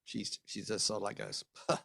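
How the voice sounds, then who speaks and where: A man narrating as game master for a tabletop role-playing game, halting, with many ums and restarts. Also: medium pitch, gravelly, fairly bright tone, no echo, clean studio sound.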